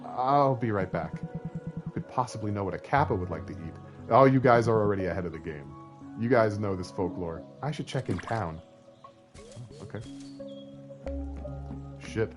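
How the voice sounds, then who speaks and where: A man's voice: fairly low pitch, animated, moderate pace, long pauses. A young man from Canada, streaming a story game, chatting and joking with his viewers. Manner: joking and chatty, talks to chat. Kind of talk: reading a story game aloud on a live stream. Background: faint game music.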